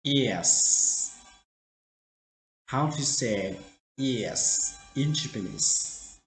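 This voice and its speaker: A man teaching vocabulary in a slow drill, repeating each word carefully in simple, broken phrasing. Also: mid-range voice, animated, faint music behind. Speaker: language teacher. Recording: roomy echo.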